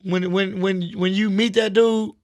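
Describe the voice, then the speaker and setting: Laid-back LA rapper guy, high-ish voice, dry studio sound, slangy and loose. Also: measured pace, no room sound. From Los Angeles, US. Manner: relaxed, slangy, frequent "you know what I'm saying". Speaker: rapper guest. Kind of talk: casual interview talk.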